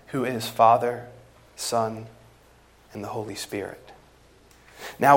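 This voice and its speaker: Man, sermon, fairly high voice, emphatic stresses, quiet trailing ends. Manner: emphatic, swings between loud stresses and quiet trailing phrases; deliberate, scripture-quoting. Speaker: preacher. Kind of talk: expository sermon.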